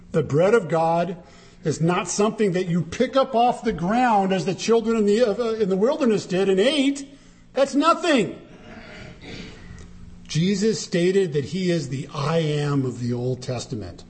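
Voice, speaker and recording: Animated, emphatic male preacher. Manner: animated, emphatic, dramatic shifts in pitch when quoting. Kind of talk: sermon.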